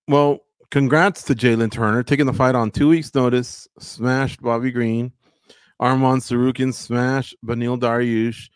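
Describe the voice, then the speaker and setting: A man talking through fight results in a casual, opinionated way, his voice sitting at an ordinary middle pitch. The sound is dry and close, with no room around it. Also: no echo. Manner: chatty, opinionated, recaps results. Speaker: podcast host. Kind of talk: casual sports talk.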